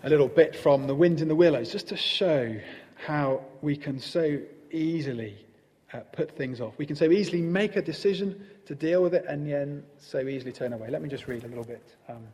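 Male preacher, sermon, warm mellow voice, gentle and conversational, long hall echo. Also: a little high. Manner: gentle, conversational, with ums and pauses.

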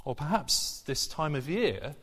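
Preacher in a reverberant hall. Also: male voice, a little high, animated, measured pace, a bit bright. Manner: earnest, conversational, with frequent fillers and restarts. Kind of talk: sermon.

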